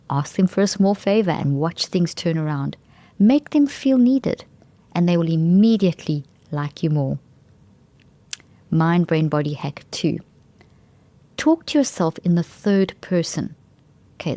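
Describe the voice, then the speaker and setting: A woman's voice: on the low side, warm tone, no echo. A woman hosting a talk show, explaining brain science in an enthusiastic, emphatic way and often restarting phrases mid-sentence. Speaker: podcast host.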